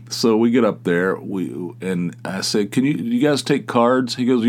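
A middle-aged man hosting a podcast, telling a personal story in a casual, animated way, jumping his voice up to act out quoted exchanges and swearing casually. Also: on the low side, slow. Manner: self-deprecating, swears casually. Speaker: podcast host.

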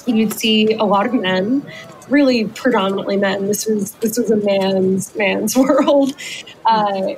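A woman's voice: mid-range voice, a little hiss or hum, poor audio. A woman explaining tall ships as an interviewed expert, conversational with many fillers.

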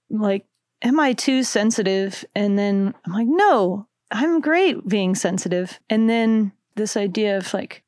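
A woman's voice: medium pitch, clear, resonant tone, no room sound, studio quality. A young adult woman, a musician guest, talking reflectively in a casual interview, rambling and correcting herself. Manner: reflective, rambling, self-interrupting with soft laughs.

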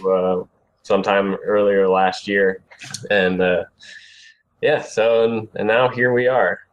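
Hesitant man guest, lowish voice. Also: fairly even intonation, takes it slowly, highs cut off. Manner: hesitant, many fillers. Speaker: podcast guest, listener. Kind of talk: casual interview chat.

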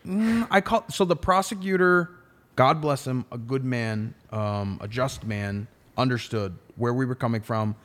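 A man's voice: medium pitch, unhurried, a bit bright. A man who is a defense attorney, telling a story in a casual podcast chat with emphatic, profane language.

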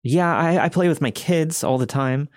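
A man's voice: on the high side, normal speed, dry recording, clean studio sound, voice pushed up, close to an everyday voice. A man voicing a polite young mother. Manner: polite, then protective.

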